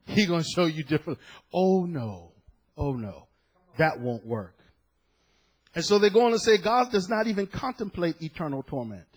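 Man, pastor, fiery sermon, husky, slightly high voice, big swings in loudness. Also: expressive, normal speed. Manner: impassioned preaching, swinging from hushed to shouting. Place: church.

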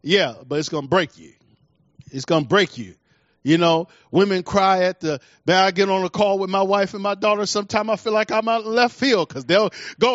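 A middle-aged man preaching a sermon, emphatic, repeating key lines and swinging between soft and loud delivery. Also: high voice, moderate pace, no room sound. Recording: dull dry recording.

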